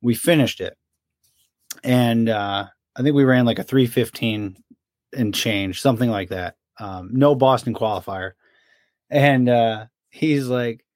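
Podcast co-host, young adult man, mid-pitched, dry close recording, chatty storyteller who acts out his buddy's complaints. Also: unhurried, no echo. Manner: animated storyteller, mimics his friend's complaints. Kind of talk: casual storytelling chat.

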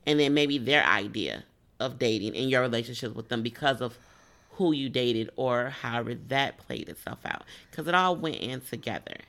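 A woman hosting a podcast, asking questions in a relaxed, chatty way. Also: rumbling low, normal speed. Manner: relaxed, chatty, laughs easily. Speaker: podcast host, interviewer. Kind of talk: casual interview.

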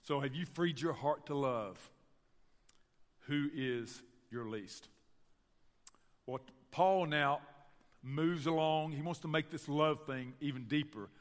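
A man with a Southern US accent from Tennessee, preaching a sermon and telling stories to his church in an animated way. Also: a little high, takes it slowly, pauses often, big-room sound. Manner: storytelling, animated, addresses the church directly. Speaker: pastor. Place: church sanctuary.

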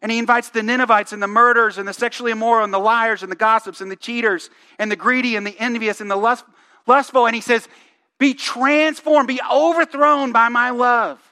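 Male pastor, very high voice, bright tone, casual sermon delivery with rhetorical questions. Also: steady tone, fast talker, clean tone. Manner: conversational, asks the congregation questions; reads scripture aloud with emphasis.

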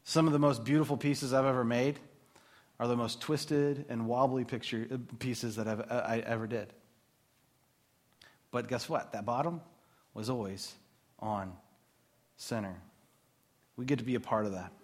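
This thirties-aged man addresses a group of Christian mothers with a faith talk, warmly meandering through personal anecdotes and chuckling at his own expense. He has a medium-pitched voice with fairly level intonation, speaks at a normal rate, and leaves long pauses.

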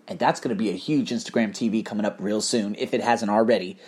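A man's voice: lowish voice, quick pace, husky. A man hosting a podcast, talking in a casual, profane, preachy way as he tells stories and gives advice. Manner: animated, profane, preachy storytelling. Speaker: podcast host. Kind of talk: casual motivational podcast monologue.

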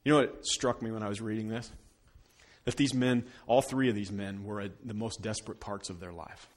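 A man preaching a Good Friday sermon in a conversational, expressive way, dropping to quiet moments for emphasis. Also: fairly low pitch, a little fast. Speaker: pastor.

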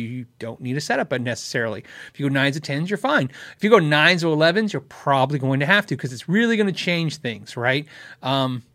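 A man's voice: on the high side, fairly bright tone, no echo. A man hosting a casual live question-and-answer show, rambling, correcting himself and chuckling often. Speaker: host answering viewer questions.

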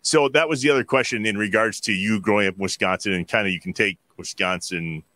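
A man's voice: fairly low pitch, fast, pushed and bright, dry recording. A man hosting a casual talk show, upbeat and jokey with his guest. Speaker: host. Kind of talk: casual chat and read ad.

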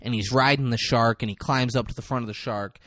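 A man's voice: medium pitch, steady tone, quick pace, pushed and bright, no room sound, studio quality. A man co-hosting a casual podcast, animatedly retelling a movie scene by scene and swearing freely. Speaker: podcast co-host. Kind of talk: casual movie recap chat.

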